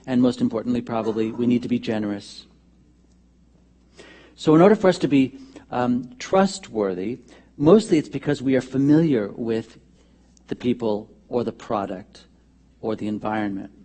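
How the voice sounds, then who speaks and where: A man preaching a conversational, humorous sermon as minister in a church. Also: medium pitch. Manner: conversational, humorous, animated asides. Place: church sanctuary.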